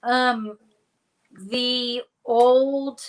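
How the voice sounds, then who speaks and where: A woman doing a remote-viewing reading, speaking hesitantly and pausing to search for words. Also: fairly high pitch, fairly even intonation, low-quality recording. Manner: hesitant and searching, pauses with fillers. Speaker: remote viewer. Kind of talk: psychic reading over a live stream.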